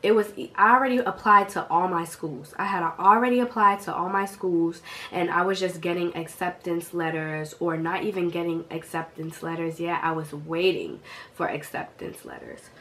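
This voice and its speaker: A young woman from the Boston area, recorded at home on a camera mic, telling a story to viewers in a chatty, animated way. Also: lowish voice, moderate pace, a little hiss or hum. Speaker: vlogger. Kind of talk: casual storytelling.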